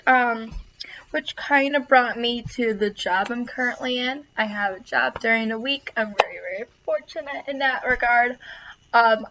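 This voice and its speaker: Young female student, earnest, fairly high voice, self-recorded class intro, lo-fi sound. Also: fairly bright tone. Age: young adult. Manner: earnest, repeats words for emphasis. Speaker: college student.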